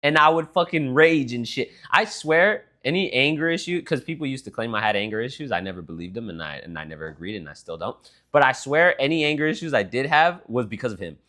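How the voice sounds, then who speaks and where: A man's voice: medium pitch, a little fast. A young man co-hosting a podcast, telling stories in casual chat with lots of swearing and acting out other people's lines. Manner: animated storytelling with lots of swearing; acts out his dad's lines in quoted voices. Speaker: podcast co-host.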